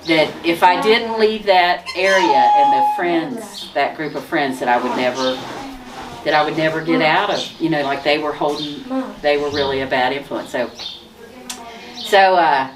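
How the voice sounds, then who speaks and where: A woman telling her personal testimony in a lively way, often laughing and restarting her sentences. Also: low-pitched, a little slow. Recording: distant mic with noise.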